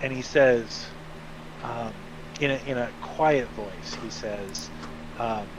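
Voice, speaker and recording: Slow, hesitant male game master. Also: medium pitch, noisy background. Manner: relaxed, hesitant, many fillers. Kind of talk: narrating a tabletop game.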